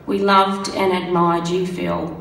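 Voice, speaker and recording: A woman with a croaky, hoarse voice, reading out a prepared tribute in a steady, measured way. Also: lowish voice, a little hiss or hum. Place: function room. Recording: roomy sound from a distant mic.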